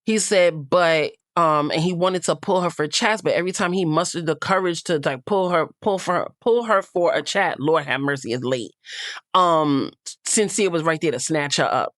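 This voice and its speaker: A woman's voice: sits low, normal speed, fairly bright tone, dry recording, studio quality. Blunt, opinionated woman recapping a show. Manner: blunt, opinionated, swears freely. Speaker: reality show recap host. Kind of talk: casual recap commentary.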